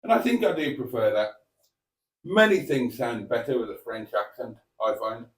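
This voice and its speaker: A British man hosting a live stream in an easy, wandering chat. He reflects and pokes fun at himself with dry wit. His voice sits at an ordinary middle pitch. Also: normal speed. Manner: wry, reflective, self-mocking. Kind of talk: casual rambling live chat.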